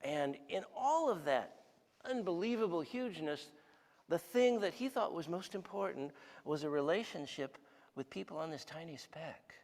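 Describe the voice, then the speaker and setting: A man's voice: a little high, lively intonation, normal speed, a little mellow, long reverb tail. A man in his sixties giving a conversational sermon as a guest speaker, telling stories and asking the audience questions. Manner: storytelling, asks the audience questions. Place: church hall.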